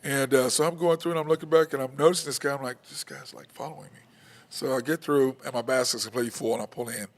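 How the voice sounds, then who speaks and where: Storytelling talk-show host. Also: male voice, mid-range voice, steady tone, rapid-fire, few pauses. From Oklahoma. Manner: storytelling, laughs often. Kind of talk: casual chat.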